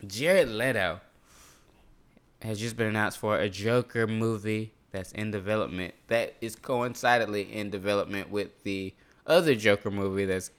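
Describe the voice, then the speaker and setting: A man's voice: on the low side, moderate pace, clean tone. A man co-hosting a casual podcast chat, joking, swearing and laughing often. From North Carolina. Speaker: podcast co-host.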